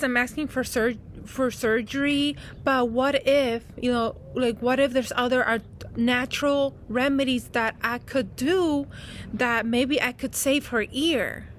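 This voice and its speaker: A woman's voice: fairly high pitch, a little hiss or hum. A woman talking outdoors as a spiritual coach in a casual, heartfelt vlog, rambling and comforting with many fillers.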